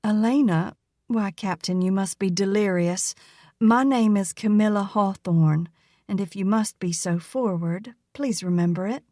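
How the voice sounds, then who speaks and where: A woman's voice: mid-range voice, a little slow, mellow, no room sound, natural voice. Brief: young southern belle, silky drawl, sly and teasing, read by a woman, dry close read. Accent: American Southern.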